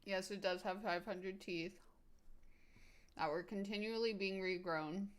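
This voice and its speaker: A woman's voice: medium pitch, steady tone, measured pace. A woman streaming casually, answering viewers' comments in a rambling, enthusiastic way full of "like" and "um". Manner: rambling, filler-heavy with frequent "like" and "um"; enthusiastic, laughs easily.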